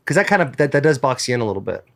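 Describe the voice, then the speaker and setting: A man hosting a casual podcast, teasing and loud in animated group banter. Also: medium pitch, racing. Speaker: podcast host.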